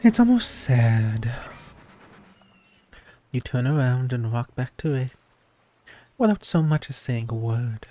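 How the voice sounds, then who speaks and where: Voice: mid-range voice, big pitch swings, slow pace, pauses often, warm tone, soft background music. A streamer reading a game's narration aloud, playful, with laughing asides.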